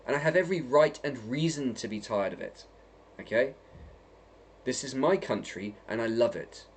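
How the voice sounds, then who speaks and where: A man's voice: medium pitch, animated, moderate pace, a little hiss or hum. A man from England delivering an emphatic vlog monologue, repeating himself and tagging lines with "right?" and "okay?". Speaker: video blogger.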